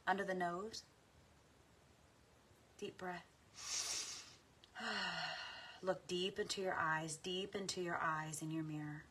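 A woman leads a guided tapping meditation, her voice low for a woman and her delivery unhurried and soft. She breathes out deep sighs between gentle affirmations. A faint hiss sits under the recording. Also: fairly even intonation. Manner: slow, soft and soothing, with frequent deep sighs. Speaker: guided tapping practice leader.

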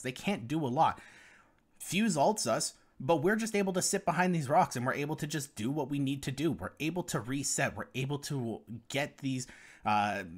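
Young man, gameplay guide commentary, explanatory, mid-pitched voice. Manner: explanatory, talks viewers through strategy. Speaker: gaming guide creator.

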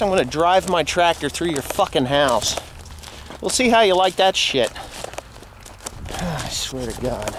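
A furious farmer with a New Jersey accent rants out in his soybean field, swearing constantly. His voice sits a little high for a man. Light outdoor noise runs faintly under the handheld recording. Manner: furious, profane ranting. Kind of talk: angry vlog rant.

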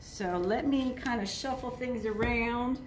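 A woman librarian reading a picture book and leading a virtual circle time for young children, speaking gently and directly to them. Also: on the high side, a little slow, noisy background. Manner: warm, gentle, addressing children. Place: indoors at a table. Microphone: phone camera.

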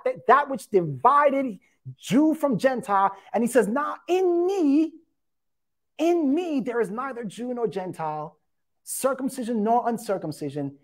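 A woman's voice: on the high side, darkish tone. Emphatic woman preacher. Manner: emphatic, repeats "watch this". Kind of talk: sermon reading and explaining scripture.

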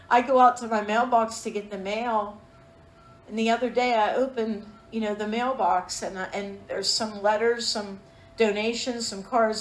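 A woman's voice: mid-range voice, a little hiss or hum. Earnest woman teaching from the Bible. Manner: personal storytelling, earnest and emotional. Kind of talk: sermon. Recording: echoey room.

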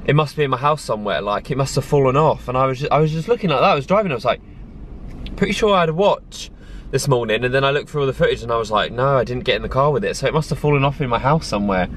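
Excitable young guy vlogging. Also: mid-range voice, rapid-fire, slight background noise. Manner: excitable, chatty, self-mocking. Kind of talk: casual vlog chat. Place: in a car and out and about.

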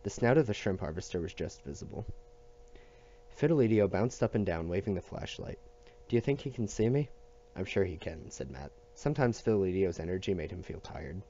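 A man reading a novel aloud at a steady pace, with small restarts and slips. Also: deep voice, brisk, lo-fi sound, slight background noise. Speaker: audiobook reader.

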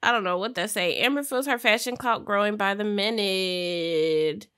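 A woman's voice: medium pitch, normal speed, a bit bright, clear, resonant tone. A young woman giving casual, chatty commentary while playing a life-sim game, with slangy asides and frequent laughs. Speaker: gaming streamer. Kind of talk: casual Sims gameplay commentary.

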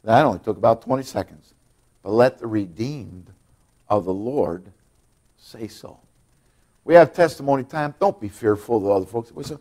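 A man preaching a sermon in a church, folksy and repetitive, often restarting his words and rising high and loud when he makes a point. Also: expressive, normal speed, pauses often. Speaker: pastor. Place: church auditorium.

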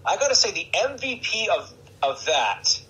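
A man hosting a podcast, chatting casually and excitably about wrestling and laughing often. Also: high voice, moderate pace, over a noisy crowd, rough recording. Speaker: podcast host. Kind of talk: casual chat.

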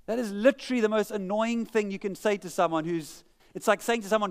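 A man's voice: sits high, lively intonation, brisk. A man preaching a sermon in church, conversational and humorous, joking at his own expense. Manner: humorous, conversational preaching with self-mocking jokes. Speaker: pastor.

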